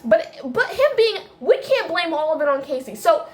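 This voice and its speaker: A woman in a casual video, ranting about a film in a rambling, animated way, full of restarts and tangents. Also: sits high, moderate pace. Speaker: video creator.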